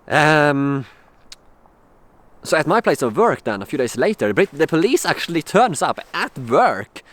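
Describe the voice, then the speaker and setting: A young man from Sweden, telling a personal story in a casual vlog, halting with many fillers and restarts. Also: on the high side, sing-song, fairly bright tone, no room sound. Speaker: vlogger.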